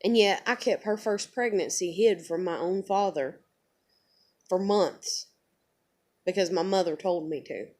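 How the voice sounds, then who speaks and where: A woman's voice: fairly low pitch, measured pace, long pauses, a little mellow. Blunt woman telling her story. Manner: blunt, profane, emotional retelling. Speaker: vlogger. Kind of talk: candid personal storytelling.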